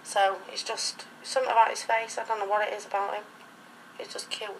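A woman's voice: medium pitch, level tone, a little fast, a little hiss or hum, poor audio. A middle-aged woman talking casually in an interview, rambling through anecdotes in a chatty way. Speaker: interviewee, reborn doll collector.

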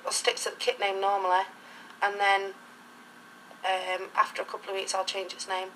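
A woman's voice: medium pitch, a bit bright, a little hiss or hum, rough recording. Chatty middle-aged woman telling stories. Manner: chatty, rambling anecdotal storytelling. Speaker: interviewee, reborn doll collector. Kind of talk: casual documentary interview.

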